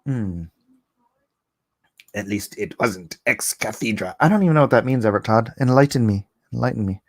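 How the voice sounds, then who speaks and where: A man hosting a casual livestream, chuckling often and reading chat aloud, a little hoarse after coughing. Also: fairly low pitch, animated, moderate pace. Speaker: livestream host.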